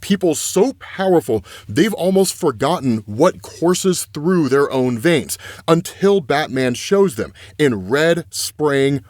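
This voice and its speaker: A man's voice: a little high, lively intonation, slow, darkish tone, no room sound, studio quality. A man reading a grim older mentor.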